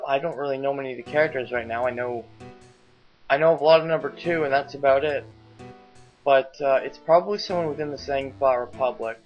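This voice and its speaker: A man giving casual, rambling game commentary, hesitating often, in a slightly muffled recording with faint game music behind. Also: medium pitch. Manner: rambling, hesitant, lots of fillers. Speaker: let's play commentator.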